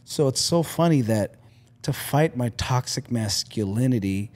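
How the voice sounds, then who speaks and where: Lively comedian, animated pitch. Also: male voice, measured pace. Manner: animated, jumps into impressions. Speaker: comedian guest. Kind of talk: casual podcast chat.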